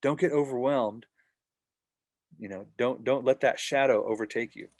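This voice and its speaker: A man leads a relaxed teaching session for worship teams, talking things through conversationally. His voice sits in an ordinary middle range. He briefly acts out the people he describes, and the recording is dry and close with no room sound. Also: mid-range voice, moderate pace, no room sound. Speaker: worship leader teaching a workshop. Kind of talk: casual teaching talk.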